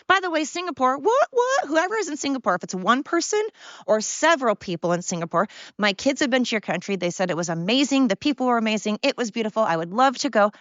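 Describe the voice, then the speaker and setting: Excited, brash woman podcaster. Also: fairly high pitch, no room sound, muffled recording. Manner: swears freely. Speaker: podcast host. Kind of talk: casual monologue.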